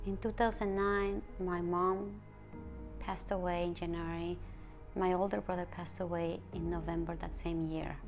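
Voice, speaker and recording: A woman's voice: lowish voice, level tone, soft background music. Emotional woman. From Mexico City. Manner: halting, emotional retelling with many restarts. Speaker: interviewee. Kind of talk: personal interview.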